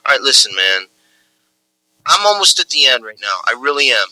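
A man coaxes and lectures with a bright, forceful voice. His pitch rises and falls a lot. The sound is dry and close. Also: big pitch swings, brisk, no room sound, low-quality recording. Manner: pleading, lecturing, coaxing. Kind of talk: improvised comic argument.

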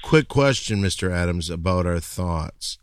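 A male host asking questions in a deadpan, mock-serious way. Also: low voice, measured pace, clean tone, no room sound, clean studio sound.

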